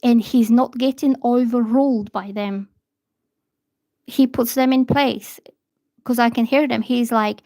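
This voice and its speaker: Woman livestream tarot reader, bluntly animated, higher voice, dry close sound. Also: a little slow, no room sound. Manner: blunt, animated storytelling with acted quotes. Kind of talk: casual livestream chat. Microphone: phone or laptop.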